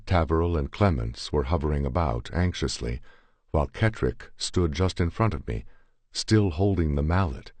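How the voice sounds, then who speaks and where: A man reading a horror tale aloud in a measured, grave first-person narration. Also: rumbling low, darkish tone, no echo. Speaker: audiobook reader.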